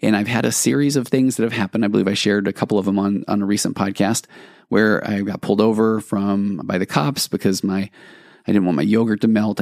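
Low-voiced man telling a story. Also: darkish tone, dry recording, clean studio sound. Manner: reflective, rambling with restarts. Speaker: podcast host, therapist. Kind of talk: storytelling monologue.

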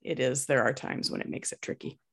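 A woman's voice: extremely low pitch, steady tone, brisk, gravelly. A woman co-hosting a podcast on early childhood education, speaking casually with a dry, sarcastic manner. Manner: dry, sarcastic, talks over others. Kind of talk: casual chat.

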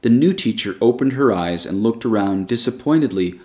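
A man narrating a story aloud in a measured, even storytelling manner. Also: medium pitch. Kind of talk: storybook reading.

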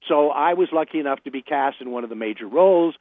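A man's voice: fairly high pitch, quick pace, no echo. An older man chatting as a radio guest, telling stories with laughs and restarts. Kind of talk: casual anecdotal interview. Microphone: phone. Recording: phone line.

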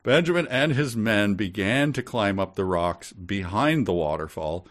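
Male podcast co-host, lower voice, dry deadpan reading with asides. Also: measured pace. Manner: reads deadpan then jokes about the text. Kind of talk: casual comedic book reading and chat.

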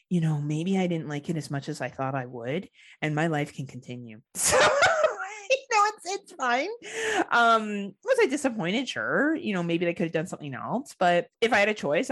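A woman from Ontario, Canada hosting a horror podcast, chatting casually, laughing often and swearing freely. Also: fairly low pitch. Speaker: podcast host. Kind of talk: casual chat.

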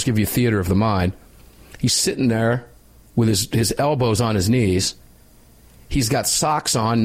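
An American man hosts a talk radio show, speaking in an emphatic, indignant way. His voice is husky and sits at a middle pitch. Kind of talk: impassioned radio commentary.

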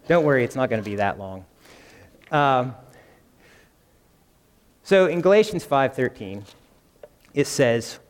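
A man's voice: mid-range voice, long reverb tail. A man preaching a conversational sermon, often asking the congregation questions. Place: church.

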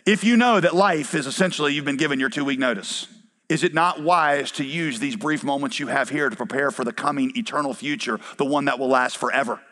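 A middle-aged man preaching a sermon to his congregation, lively, with acted-out quotes and rhetorical questions. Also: medium pitch, a little fast. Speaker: pastor.

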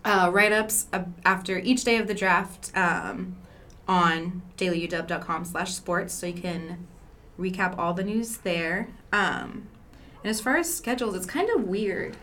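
A woman's voice: lowish voice, unhurried, a bit bright, a little hiss or hum. A young woman hosting a sports podcast, talking casually with lots of fillers. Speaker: podcast host. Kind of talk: casual chat.

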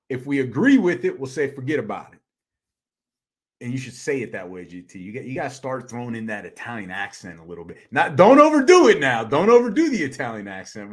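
A middle-aged man co-hosting a sports podcast in casual chat, animated and quick to laugh. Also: mid-range voice. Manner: animated, laughs easily, restarts often. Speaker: podcast co-host.

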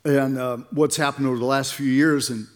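A man's voice: medium pitch, steady tone, normal speed. An older man in his seventies, speaking as a conference speaker in an earnest, folksy way with repeated phrases. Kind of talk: sermon with prayer and jokes.

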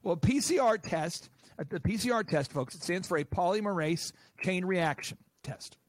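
A man being interviewed as a business coach and podcast host, talking in an animated, emphatic, rapid-fire way. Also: high voice.

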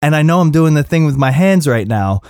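A man in his thirties with a somewhat high voice delivers a heated, profane rant. His pitch leaps and swoops with emphasis, and the recording is close and dry with no room sound. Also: lively intonation, a little fast, darkish tone, no echo. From Philadelphia area. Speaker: podcast host. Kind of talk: impassioned monologue.

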